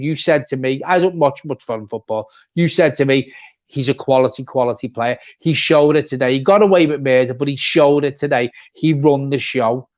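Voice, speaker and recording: A man co-hosting a fan channel, giving a blunt, swearing, repetitive rant in a football reaction chat. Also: fairly high pitch. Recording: dull lo-fi sound.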